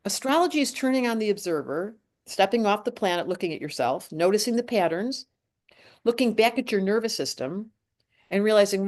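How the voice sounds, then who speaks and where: She is a woman in her late sixties, speaking as an astrologer in loose conversation. Her talk is animated and emphatic, full of restarts and sudden turns of thought, at an ordinary middle pitch. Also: normal speed. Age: 60s. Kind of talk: casual chat.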